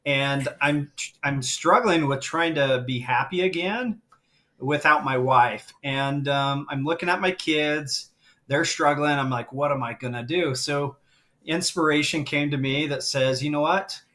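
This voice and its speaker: Middle-aged man, guest on a live stream, heartfelt emotional storytelling, warm open delivery. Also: a little high, a little slow. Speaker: guest, grief coach.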